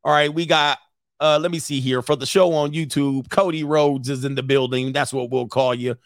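A man hosting a live stream as a dating coach, ranting comically and acting out both sides of a story in quick voices, laughing often. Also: mid-range voice, steady tone, dry recording, studio quality. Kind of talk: casual comedic rant.

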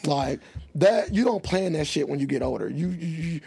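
Boisterous male podcast co-host with a gravelly, husky tone and rowdy humor. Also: fairly high pitch, expressive, moderate pace, mellow. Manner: boisterous, crude joking, laughs often. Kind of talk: casual podcast chat.

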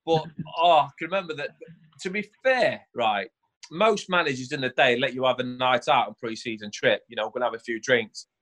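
A man's voice: medium pitch, a little fast, a bit bright. A man, a former footballer telling stories in casual chat on a podcast and laughing often. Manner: boisterous storyteller, laughing often.

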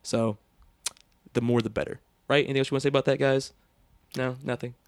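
A man's voice: medium pitch, level tone, fast talker, smooth, no echo. A man hosting a podcast, reading listener reviews and chatting casually with frequent laughter. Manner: laughs often, reads listener reviews aloud. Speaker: podcast host.

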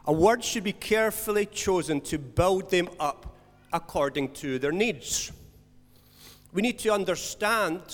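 A man preaching a sermon as pastor, earnest, swinging between loud stressed words and soft, slowed emphasis. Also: a little high. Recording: long hall reverb.

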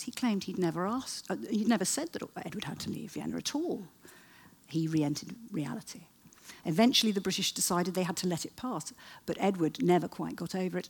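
A woman giving a history talk to an audience, telling it as a lively story with wry asides and frequent fillers. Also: fairly low pitch, husky. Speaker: historian lecturer. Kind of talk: storytelling lecture.

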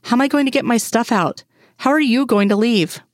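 A woman voicing an exasperated grown woman, a sharp FBI doctor, in a fan story reading. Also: a little high, brisk, dry recording, clean studio sound, voice pushed up, lightly acted. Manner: exasperated, pleading.

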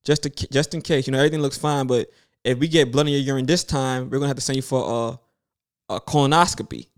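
A man in his thirties telling a story in casual chat, animated and swearing freely, acting out other people's lines. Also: medium pitch, fast talker. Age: 30s.

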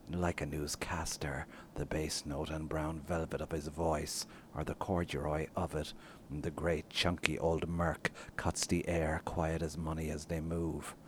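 An author reading aloud from his novel, moving from hushed lines to sudden bursts. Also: very deep voice, a little hiss or hum. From Ireland. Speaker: guest author.

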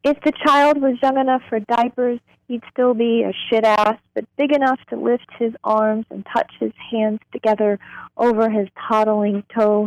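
A woman poet on a radio show, reading her own poem slowly and deliberately, drawing out words. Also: a little high, a little mellow, no echo, highs cut off. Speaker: poet guest. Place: radio studio.

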